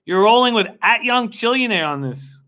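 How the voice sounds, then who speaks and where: Bright, excitable young man streaming live. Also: high voice, normal speed. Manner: excitable, laughs often, chats with viewers by name. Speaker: livestream host betting on horse races. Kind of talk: casual live-stream commentary.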